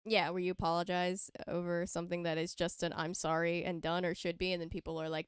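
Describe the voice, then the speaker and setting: A woman with a lowish, smooth, crisp voice hosts a casual podcast. She chats and teases, quick to laugh, on a close, dry recording. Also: steady tone, no echo. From Canada. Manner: chatty, teasing, quick to laugh. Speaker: podcast host.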